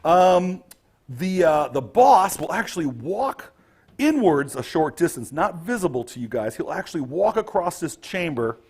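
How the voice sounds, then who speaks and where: A man's voice: fairly high pitch, very animated, measured pace, darkish tone, slightly rough. A man running a tabletop game as game master, narrating the scene vividly.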